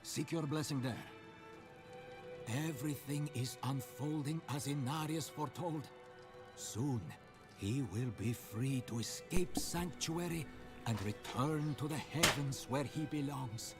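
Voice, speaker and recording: An actor voicing a solemn male priest in a dark fantasy game, speaking in a grave, formal way. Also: mid-range voice, measured pace, lightly acted. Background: game music.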